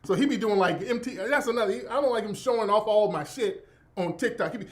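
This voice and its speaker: A middle-aged man hosting his own radio show, telling a profane, animated story in a casual monologue and breaking into laughter. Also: high-pitched, fast.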